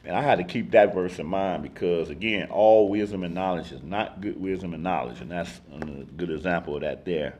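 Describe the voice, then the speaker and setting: A man's voice: deep voice, brisk, hardly any pauses, a little mellow, a little hiss or hum. Earnest man leading a Bible study. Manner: earnest, emphatic, many restarts. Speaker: ministry teacher. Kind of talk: casual Bible study talk and scripture reading.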